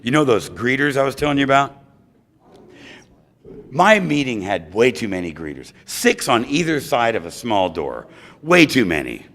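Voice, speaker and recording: An American man sharing his recovery story at a meeting, animated and acting out other people's voices. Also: medium pitch, normal speed.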